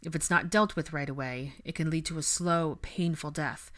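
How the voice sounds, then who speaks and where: A woman's voice: low-pitched, fairly even intonation, normal speed, a bit bright. A woman reading the part of a brusque, commanding young wizard who gives firm, clipped orders.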